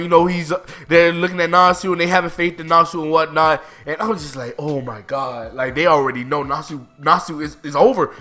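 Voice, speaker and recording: A young man casually reviewing manga chapters, animated and excitable, full of slang and swearing. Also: fairly high pitch. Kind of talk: casual chat.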